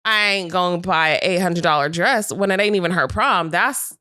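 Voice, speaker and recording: A woman's voice: lowish voice, normal speed, sharp tone, no room sound. Frank woman podcast co-host, dry close mic. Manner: reads captions, frank opinions. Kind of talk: casual chat.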